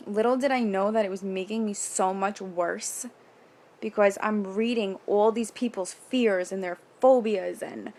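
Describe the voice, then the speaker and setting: A young woman from New York talking candidly in a casual vlog, rambling with quick nervous asides and casual swearing. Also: mid-range voice, warm tone. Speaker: vlogger. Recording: faint background noise.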